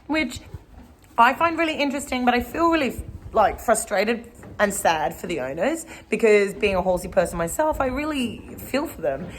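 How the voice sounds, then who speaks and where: A woman's voice: on the high side, slight background noise. A woman, a horse trainer, talking casually and at length to a camera outdoors in a rambling vlog. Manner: chatty and rambling.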